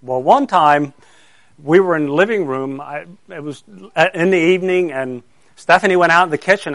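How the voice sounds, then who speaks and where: A man's voice: fairly high pitch, normal speed, fairly bright tone, no echo. A middle-aged man, a pastor telling a story to children and asking them questions as he goes. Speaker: pastor giving a children's sermon.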